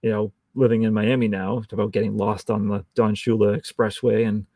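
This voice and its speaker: A man's voice: fairly low pitch, little pitch movement, fairly quick, warm tone, no echo. A man co-hosting a podcast, chatting casually about a TV episode, chatty and laughing often as he acts out lines from scenes. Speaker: podcast co-host. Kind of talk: casual chat reviewing a TV episode.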